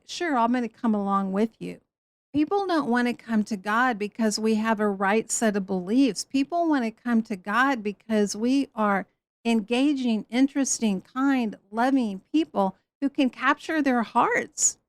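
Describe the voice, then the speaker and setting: A woman teaches from the Bible with lively, animated storytelling, slipping into the people she quotes. Her voice sits fairly high. The recording is close and dry, with no room sound. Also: dry recording.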